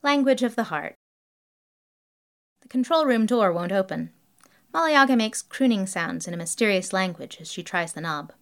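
A woman reads a whimsical story aloud in a dry, matter-of-fact way. Her pitch is lively and varied as she narrates. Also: moderate pace. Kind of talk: storybook reading.

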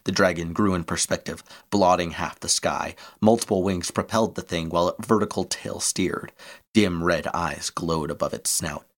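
A man reading an adventure story aloud in a steady, measured way. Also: sits low.

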